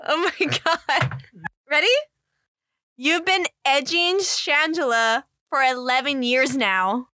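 A woman's voice: high-pitched, takes it slowly, bright, forceful tone, a little hiss or hum. A tipsy woman co-hosting a casual podcast chat, giggly and playful as she coaches a friend through phrases. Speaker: podcast co-host.

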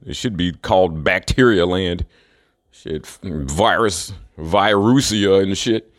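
A man's voice: low-pitched, takes it slowly, no room sound, studio quality. A man rambling through a profane, scornful monologue, chuckling between remarks.

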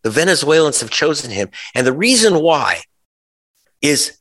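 A man's voice: a little high, big pitch swings, normal speed, a bit bright. A man, a journalist guest in an interview, talking in an emphatic, sarcastic way with many restarts and asides. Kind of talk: conversational interview.

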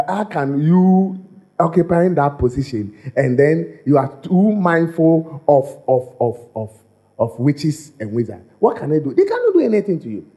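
A man preaching in an animated, repetitive way, often stumbling and restarting his words. His voice sits high and swings widely in pitch. He takes his time, with a slow, unhurried delivery. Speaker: pastor. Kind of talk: sermon.

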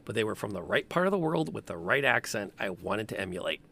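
A man's voice: lowish voice, sing-song, fast, gravelly, bright, forceful tone. A man, a game master chatting casually on a podcast and wandering off on tangents. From American Midwest. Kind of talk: casual chat.

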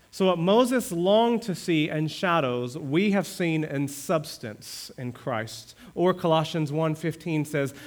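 A male pastor preaching a sermon, asking the congregation questions and building to fervent high points. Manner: preaching with rising fervor, rhetorical questions to the congregation.

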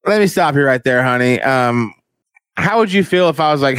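A man's voice: expressive, normal speed, a bit bright, smooth, no room sound. A young man talking in a crude, rambling, profane casual chat. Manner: crude, rambling, profane, mimics others in high voices.

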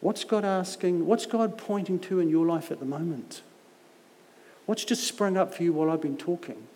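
A man's voice: fairly high pitch, moderate pace, darkish tone. A middle-aged man preaching a sermon, telling stories with humorous, self-mocking asides, heard in a church hall. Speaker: visiting preacher. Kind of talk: anecdotal sermon. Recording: long echo of a large hall.

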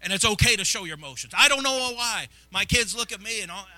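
A man from Illinois leads his church in a sermon. His voice sits fairly high and rings very bright and sharp. He preaches fervently, repeating phrases and dropping to near-whispers before rising into loud cries. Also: animated, quick pace, no room sound, faint music behind, poor audio. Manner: fervent, repetitive preaching that swings from hushed to loud. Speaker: pastor. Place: church sanctuary.

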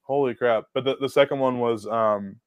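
A young adult man, a car detailer guest on a podcast, telling stories in a casual, animated way, swearing and acting out quotes. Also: medium pitch, moderate pace, no echo. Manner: animated storyteller, swears, acts out quotes loudly. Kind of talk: casual storytelling chat.

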